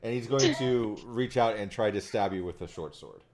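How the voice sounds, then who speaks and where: A man's voice: on the low side, moderate pace, darkish tone. A man running a tabletop game as dungeon master, narrating the action and laughing often with his players.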